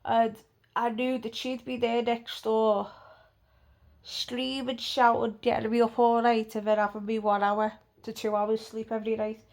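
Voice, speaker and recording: A woman recounts a story in a vlog, blunt and full of swearing. Her voice sits a little high and has a gravelly, creaky edge. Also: flat delivery, unhurried, darkish tone. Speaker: vlogger.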